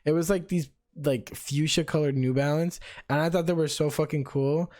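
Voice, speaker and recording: A man's voice: fairly high pitch, fairly even intonation, a little mellow. Loose, swearing young man chatting. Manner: loose, swearing, halting restarts. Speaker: podcast co-host. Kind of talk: casual chat.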